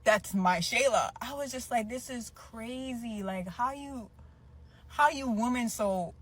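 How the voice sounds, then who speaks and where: A woman in a casual confessional video, gushing in an animated, playful way with long drawn-out exclamations. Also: fairly high pitch. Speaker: woman in a reacted-to clip.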